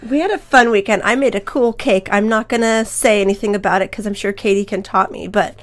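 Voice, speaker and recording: A woman's voice: mid-range voice, a little fast. A woman co-hosting a business talk show who is losing her voice, chatting casually. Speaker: podcast co-host. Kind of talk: casual chat.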